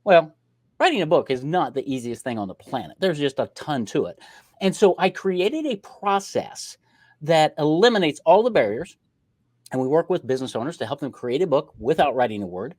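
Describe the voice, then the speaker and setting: A middle-aged man, a podcast guest, telling his story in a lively way and acting out bits of dialogue. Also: fairly high pitch, normal speed, no room sound. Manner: lively storyteller who acts out dialogue in changed voices. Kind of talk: casual interview storytelling.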